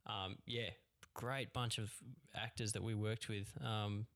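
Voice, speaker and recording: A man's voice: on the low side, level tone, slow, fairly bright tone. A young man, a film director, chatting in a laid-back way and agreeing often. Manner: laid-back, lots of yeps. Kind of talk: casual chat.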